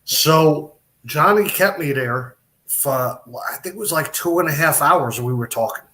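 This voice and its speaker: A man's voice: on the high side, lively intonation, a little slow, sharp tone. A middle-aged man, a wrestler, telling rambling stories with quoted dialogue in a casual interview. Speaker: podcast guest, wrestler.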